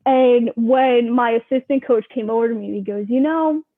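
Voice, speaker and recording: A young woman in her twenties, a guest telling stories in a casual interview, animated and quick, full of "like", heard over a remote call. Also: on the high side. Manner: animated, rapid storyteller, full of "like". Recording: tinny phone-like call audio.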